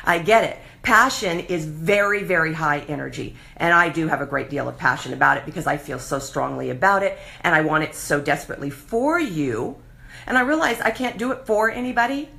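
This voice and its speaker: A woman's voice: sits low, a little fast, vocal fry. A middle-aged woman hosting a live show, talking passionately and animatedly in a casual monologue. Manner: passionate, animated, acts out voices of others.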